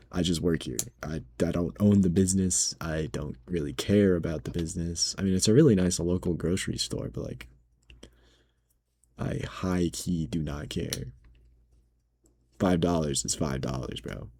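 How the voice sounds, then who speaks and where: A young man with a low, husky voice tells a grocery job story. His tone is dark and mellow, and his slangy, exasperated delivery suits a casual vlog. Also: moderate pace, long pauses. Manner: animated, slangy, exasperated retelling. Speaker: grocery store cashier.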